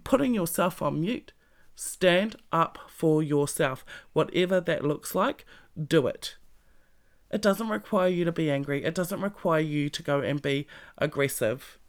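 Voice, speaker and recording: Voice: medium pitch, vocal fry. A vlogger giving a blunt, profane motivational talk straight to the listener, full of pointed questions. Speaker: self-help vlogger. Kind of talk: motivational monologue to camera.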